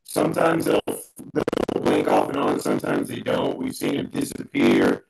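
A man's voice: extremely low pitch, huge pitch swings, unhurried, vocal fry, very noisy. A man describing sightings in a matter-of-fact way, his voice garbled into a robotic sound by a bad connection. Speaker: panel guest. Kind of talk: casual panel chat.

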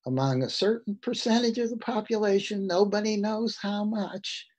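A man's voice: high voice, moderate pace, a little mellow. A man in his sixties giving a lecture over a video call, reading passages aloud from a book with wry asides to his listeners.

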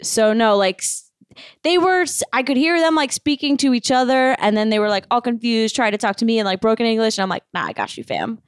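A woman co-hosting a podcast, chatting playfully with quick asides. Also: on the high side, smooth, no echo, studio quality. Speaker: podcast co-host. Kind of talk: casual podcast chat.

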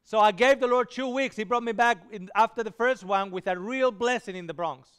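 A man preaching a sermon, telling a personal story in an animated way and acting out the voices he quotes. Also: high voice, fairly quick, clean tone.

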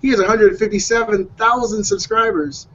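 A man's voice: sits high, big pitch swings, moderate pace, creaky. A man talking casually and enthusiastically in a group chat, often restarting his sentences. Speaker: podcast host. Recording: dull lo-fi audio.

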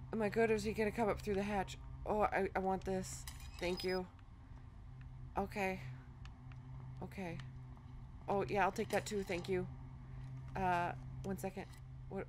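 A young woman casually commenting on a horror game, muttering to herself and breaking into loud panicked outbursts. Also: mid-range voice. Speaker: let's play host. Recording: noisy game audio behind the voice.

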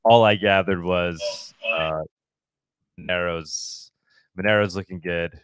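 A man with a very deep, smooth voice hosts a loose livestream chat. He sounds jovial and upbeat and addresses people as buddy. The sound is dry and close. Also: fairly even intonation, slow pace, no echo. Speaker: show host.

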